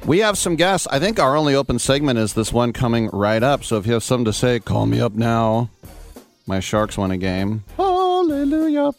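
A man hosting a live sports radio show, talking in a jokey, exuberant way with quick asides. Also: mid-range voice, soft background music. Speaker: host. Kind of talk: lively sports radio talk.

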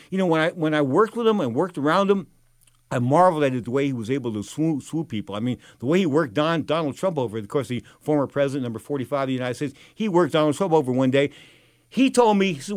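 A man's voice: a little high, no echo, clean studio sound. A man telling rambling, casual anecdotes, often circling back with "bottom line is" and throwing in asides. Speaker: storyteller.

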